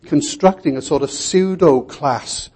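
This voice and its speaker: A man preaching an expository sermon in a measured way, often putting rhetorical questions to his listeners. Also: a little high, a little mellow, slightly rough.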